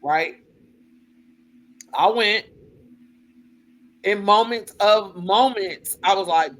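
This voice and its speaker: A woman co-hosting a casual talk show, telling personal stories in a blunt, profane, lively way and acting out other people's voices. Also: medium pitch, slow, pauses often. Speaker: co-host. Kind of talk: casual chat, personal storytelling.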